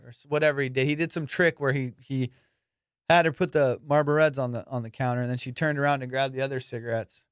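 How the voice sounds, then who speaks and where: Man, young adult, comedian podcast host, casual storytelling, lots of swearing, animated, mid pitch, dry close sound. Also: fast talker, clear, resonant tone, no room sound. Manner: animated, swearing, jumps into high squeaky voices for quotes.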